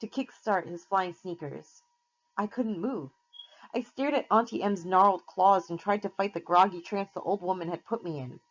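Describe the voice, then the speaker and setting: A woman teacher reading a novel aloud to her class in a steady, plain storytelling way. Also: medium pitch, moderate pace. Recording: slightly muffled lo-fi recording.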